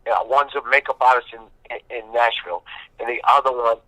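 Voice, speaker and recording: A man talks casually as an interview guest. His voice is bright and forceful, and the sound is dry and close. He rambles and repeats himself for emphasis. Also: mid-range voice, fairly even intonation, brisk, dry recording, rough recording. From Boston. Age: 50s. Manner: rambling, emphatic storytelling with repetition.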